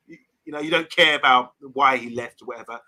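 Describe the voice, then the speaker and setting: A man's voice: medium pitch, quick pace, pushed and bright. A man co-hosting a live fan stream, chatting casually and reading viewer comments aloud. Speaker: podcast co-host.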